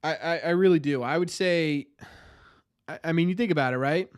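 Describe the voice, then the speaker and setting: During casual game commentary on his live stream, a young host reads chat and talks to viewers, his rambling, exasperated bursts often restarting. His voice is on the high side, brisk and smooth, with no room sound.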